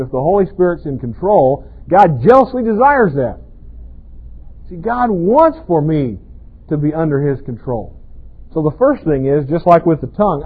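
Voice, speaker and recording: Husky-voiced man preaching conversationally. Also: on the high side. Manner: conversational, asks the congregation rhetorical questions. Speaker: pastor. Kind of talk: sermon. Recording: tinny, phone-like band-limited sound.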